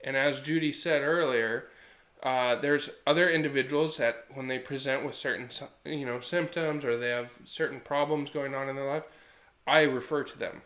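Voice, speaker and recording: A man's voice: mid-range voice, moderate pace, roomy sound. A man in his thirties co-hosting a podcast, telling stories earnestly and acting out quotes in a casual chat. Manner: earnest, animated storytelling with acted quotes. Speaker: podcast co-host.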